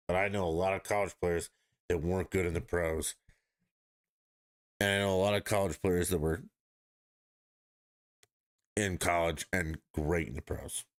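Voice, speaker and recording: A man's voice: deep voice, fairly even intonation, measured pace, pauses often. A man hosting a podcast, ranting bluntly and profanely in casual sports talk. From Denver area, United States. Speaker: podcast host.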